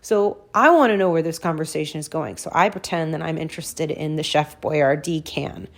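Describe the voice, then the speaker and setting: Lively woman telling a story, low-pitched. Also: fairly quick. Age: 40s. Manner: animated, addresses listeners as "you guys", acts out her reactions. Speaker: podcast host. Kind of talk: personal storytelling monologue.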